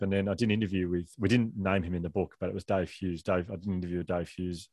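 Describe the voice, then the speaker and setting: A middle-aged man with a deep voice tells a personal story at a rapid clip. He rambles and often breaks off to restart his sentences. The sound is dry and close. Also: level tone, no echo. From Australia. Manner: fast, rambling, self-interrupting with restarts. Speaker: author and guest. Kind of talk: candid conversational storytelling.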